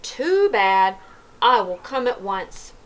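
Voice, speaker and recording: A woman's voice: mid-range voice, big pitch swings, slow pace, fairly bright tone. A woman voicing a storybook policeman, matter-of-fact and mildly scolding, close to her own voice.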